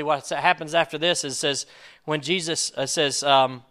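A man's voice: on the high side, fairly bright tone. A man preaching a sermon in a casual, conversational way, reading scripture and acting out what people in it might say. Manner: casual preaching with fillers, acts out quoted speech. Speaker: pastor.

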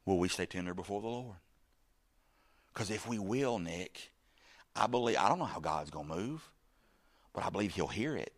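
A middle-aged man preaching with a low voice that rises and falls a great deal. He jumps from loud, excited bursts to soft, almost hushed asides, and he acts out the quoted lines of his story. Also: moderate pace, long pauses. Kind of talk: sermon.

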